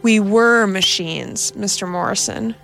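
A woman reading the lines of a polite, smug male android who calmly lectures. Faint music plays behind her. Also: mid-range voice, measured pace, creaky. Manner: calm, polite, reasoning tone.

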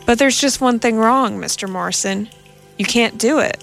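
A woman reading the lines of a polite, smug male android who calmly lectures. Faint music plays behind her. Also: fairly high pitch, moderate pace, vocal fry. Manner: calm, polite, reasoning tone.

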